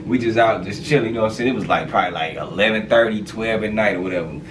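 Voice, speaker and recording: A man telling a street story in a casual, animated storytime monologue, full of slang and fillers. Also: fairly low pitch, quick pace, far from the mic, slight background noise.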